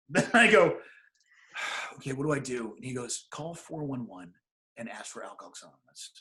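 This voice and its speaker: A middle-aged man, a guest on an interview show, telling a personal story in a casual, animated way and acting out the people he quotes. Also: medium pitch, brisk. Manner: animated, acts out quoted voices.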